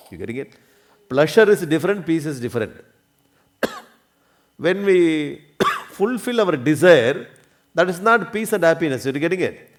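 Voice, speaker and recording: Man giving a spiritual discourse. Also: fairly high pitch. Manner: checks understanding often, coughs now and then. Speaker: spiritual teacher. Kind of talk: religious discourse.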